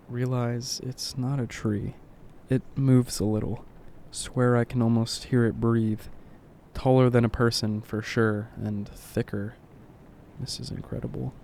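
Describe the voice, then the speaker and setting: A man reading a horror story aloud in short clipped lines, keeping his voice low and subdued. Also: creaky, darkish tone, slight background noise. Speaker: narrator.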